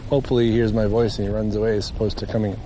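A man's voice: on the low side, little pitch movement, rapid-fire, mellow, a little hiss or hum. A man talking to himself on a walk through a marsh, rambling casually and chuckling at his own stories, recorded outdoors while he walks. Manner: meandering, chatty, self-amused. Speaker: nature walk vlogger.

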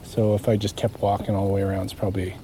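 Mellow-voiced man rambling on a marsh walk. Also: on the low side, level tone, quick pace, a little hiss or hum. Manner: meandering, chatty, self-amused. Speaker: nature walk vlogger. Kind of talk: casual rambling monologue. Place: outdoors in a marsh.

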